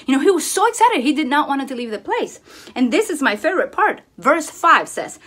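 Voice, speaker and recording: A woman with a high, bright-sitting voice talks through a casual craft tutorial and a devotional, full of enthusiastic exclamations. She sounds eager and expressive, as if chatting with friends. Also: fairly quick. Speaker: crafting vlogger sharing a devotional.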